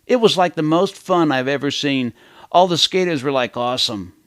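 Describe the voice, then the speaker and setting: A man's voice: on the high side, normal speed, no echo, studio quality, close to an everyday voice. A man voicing a gushing teenager who fills every sentence with filler words.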